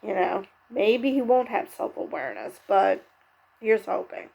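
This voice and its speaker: A woman's voice: medium pitch, animated, a little slow, vocal fry, darkish tone, breathy edge. A woman recapping and reviewing a TV show episode in a candid, chatty way, with lots of fillers and self-corrections. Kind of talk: casual spoken recap and commentary.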